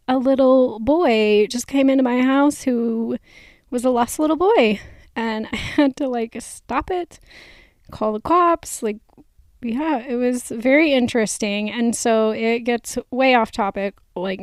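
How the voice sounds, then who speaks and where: A woman's voice: fairly high pitch, a little mellow, no echo, studio quality. A woman hosting a podcast, giving a casual, chatty note to listeners and laughing easily. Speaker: podcast host. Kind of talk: casual spoken intro note.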